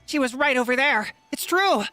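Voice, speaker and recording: A man squeaking out a giggly little village kid. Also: animated, normal speed, bright, forceful tone, clear, resonant tone, exaggerated voice. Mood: insistent. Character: excitable little village child.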